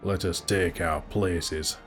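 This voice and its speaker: A man voicing a male warrior leader who shouts commands to his troops in a put-on accent, in an audiobook reading. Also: sits low, steady tone, slow, soft background music. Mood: commanding. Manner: loud commanding calls, accent attempt.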